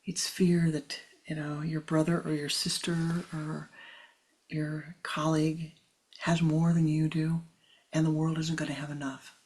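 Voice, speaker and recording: A woman spiritual teacher giving a talk in a soft, half-whispered delivery. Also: sits low, level tone, unhurried. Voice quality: husky, gravelly.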